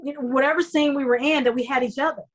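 Woman, middle-aged, rather high voice, effusive, emotional, animated quoted asides, interview guest. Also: fast, low-quality recording. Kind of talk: conversational interview.

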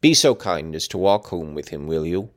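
A man reading aloud, voicing a cruel, scornful middle-aged father in a low, curbed, menacing tone. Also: lively intonation, normal speed.

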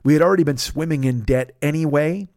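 A man's voice: on the high side, quick pace, a little mellow, dry recording, clean studio sound. A man hosting a podcast, telling a long personal story in a casual, profane and exasperated way into a microphone. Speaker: podcast host.

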